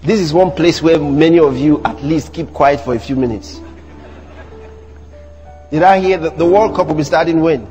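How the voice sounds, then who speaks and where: High-voiced man preaching over music. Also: normal speed, long reverb tail. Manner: animated preaching with mimicry and rhetorical questions to the congregation. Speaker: pastor. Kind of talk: sermon. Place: church.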